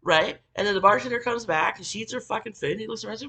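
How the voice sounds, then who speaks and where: A woman's voice: a little high, very fast, pushed and bright, breathy edge. A woman telling a story in a casual, rambling rant, swearing often and filling her talk with ums and likes. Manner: profane, rambling, full of fillers. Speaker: vlogger.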